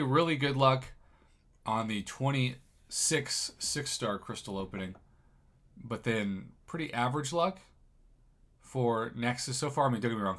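A man commentating on someone else's game crystal openings, excitable and jokey, with sudden loud bursts of surprise. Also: mid-range voice. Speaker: gaming commentator.

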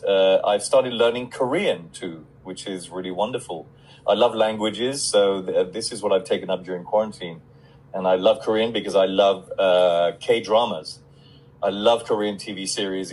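Low-voiced man chatting with fans. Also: slightly rough, poor audio. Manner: chatty, reads out fan questions and answers warmly with many fillers. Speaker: actor answering fan questions. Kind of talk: casual live-stream Q&A.

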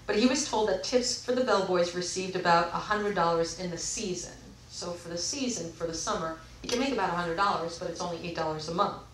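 A woman's voice: fairly low pitch, brisk, hardly any pauses, distant mic, slight background noise. Woman rambling in an echoey room. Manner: rambling, with frequent self-corrections. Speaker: vlogger. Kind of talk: casual monologue, reading aloud from books. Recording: echoey room, away from the mic.

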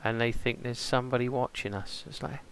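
A man playing a gravelly, rambling pirate. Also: medium pitch, fairly even intonation, fairly quick, fairly bright tone, a little hiss or hum, close to an everyday voice. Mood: musing. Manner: rambling, chatty, muses aloud to himself. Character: easygoing adult male pirate. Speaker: role-play streamer. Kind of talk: in-character game role-play.

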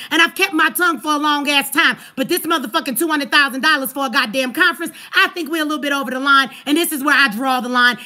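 A woman hosting a livestream, ranting angrily and profanely at her chat with rapid rhetorical questions. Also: sits high, bright, forceful tone. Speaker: livestream host. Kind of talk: heated livestream rant.

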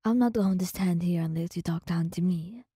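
A woman voicing a cocky, sarcastic young man with a dark edge, in a soft whispered role-play. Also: on the low side, normal speed, husky, no echo, clean studio sound, pitched below the performer's own voice. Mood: scornful. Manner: scoffing, sarcastic.

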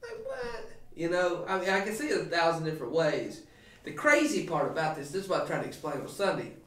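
Pastor, male, slightly high voice, emphatic podcast preacher, echoey distant room sound. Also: fast talker. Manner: animated, emphatic preaching with many restarts. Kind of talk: podcast sermon talk.

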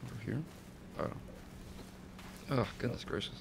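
A man streaming a game, chatting casually with mild exclamations and easy surprise. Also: unhurried. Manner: relaxed, easily startled, mild exclamations. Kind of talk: casual gameplay chat. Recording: noisy stream audio.

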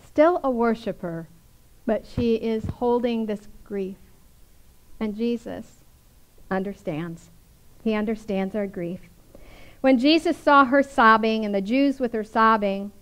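A woman preaching a sermon in a fairly high voice. She reads scripture passages aloud, then breaks into easy, conversational commentary and keeps asking the congregation tag questions. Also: a bit bright, low-quality recording.

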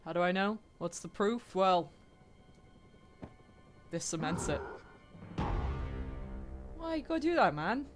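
A young woman giving casual, excitable commentary while playing a video game, swearing freely and talking back to the characters. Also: medium pitch, slow pace, long pauses, soft background music. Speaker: let's play gamer.

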